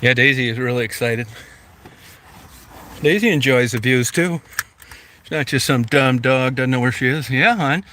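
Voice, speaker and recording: A man's voice: mid-range voice, normal speed, pauses often, pushed and bright. A man vlogging outdoors at a scenic turnout, chatting and coaxing his dog in a casual way. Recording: noisy outdoor wind and traffic.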